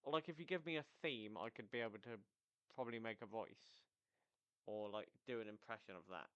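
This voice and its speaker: A man's voice: on the low side, a little fast, a bit bright. A young man hosting a football podcast in casual, rambling chat, close to the mic, often mocking himself and tripping over his words. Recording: slightly dull lo-fi mic.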